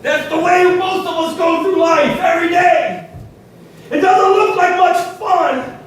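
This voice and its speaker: A man preaching a sermon, shouting his points with many "uh" fillers and then dropping to quiet asides. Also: very high-pitched, a little slow. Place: church hall. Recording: echoey hall picked up from far off, faint hiss.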